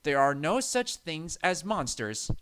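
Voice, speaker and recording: A man's voice: on the high side, very animated, a little slow, fairly bright tone, clean tone. A man voicing a cheeky young male engine, brave but jittery, with a lifted, eager voice. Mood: scoffing.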